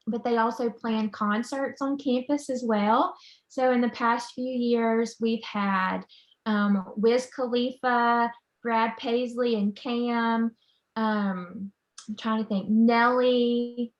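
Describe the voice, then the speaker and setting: A college admissions counselor gives an upbeat, enthusiastic informational presentation over a video call, using "um" frequently. Her voice is fairly high with a steady tone and slow delivery. The sound is lo-fi and the room is echoey.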